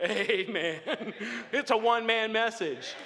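A man preaching a sermon, laughing often and building up to loud exclamations. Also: high voice, slow, very noisy. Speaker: pastor.

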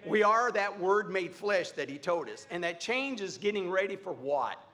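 Fervent high-voiced male preacher. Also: lively intonation, normal speed, sharp tone. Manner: preaching with rising fervor, repetitive emphatic phrasing. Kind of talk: sermon.

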